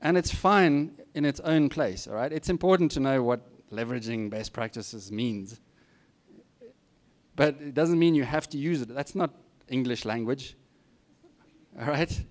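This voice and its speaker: Speaking unhurriedly in a mid-range voice, a middle-aged man visits students as a guest speaker. His informal talk gives frank, down-to-earth career advice, with jokes at his own expense along the way.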